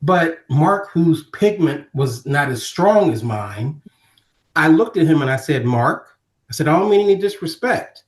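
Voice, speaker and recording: A middle-aged man from Ohio, telling stories as a podcast guest in a lively conversational way and acting out other people's voices. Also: on the high side, slow. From Ohio, USA. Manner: animated storyteller, acting out quoted voices. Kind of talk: storytelling in casual conversation. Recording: roomy echo.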